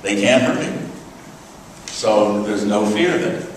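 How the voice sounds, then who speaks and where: A man's voice: fairly low pitch, lively intonation, slow, slight background noise. Older man telling wry stories in a hall. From United States. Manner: wry storyteller, dry jokes, uh fillers. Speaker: guest speaker. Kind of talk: humorous lecture anecdotes. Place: large lecture hall. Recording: echoey hall recording from far off.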